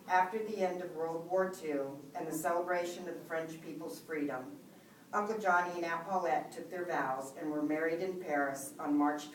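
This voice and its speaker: A middle-aged woman reading a prepared eulogy for her aunt, tender, with gentle humor and soft laughter. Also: low voice. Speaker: niece giving a eulogy. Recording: echoey room, voice from a distance, faint background hum.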